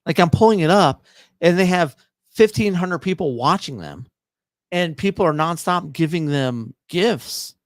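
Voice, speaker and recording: A man chatting casually as a podcast co-host, tripping over his words and restarting often. His voice sits a little high for a man. It is recorded close and dry, with no room sound. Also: animated, measured pace, no room sound. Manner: rambling, stammers and restarts a lot. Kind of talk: casual chat over drinks.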